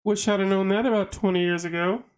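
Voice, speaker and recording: A man's voice: high voice, fairly even intonation, fast, clean tone. A tired man hosting a casual late-night livestream, joking around and reading viewer comments aloud. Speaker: livestream host.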